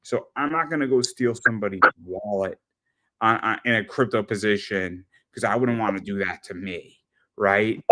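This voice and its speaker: A man hosting a casual podcast chat, rambling and animated, often repeating words as he tells stories. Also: on the low side, moderate pace. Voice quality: rambling, animated storyteller with frequent stammered repeats. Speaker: podcast host.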